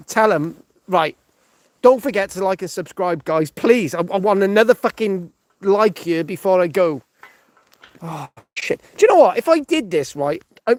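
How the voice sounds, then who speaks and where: A man from the United Kingdom hosts a rambling live stream, swearing heavily, restarting his sentences often and checking in with "right?" constantly. His voice is high, and the sound is clean studio quality with no room sound.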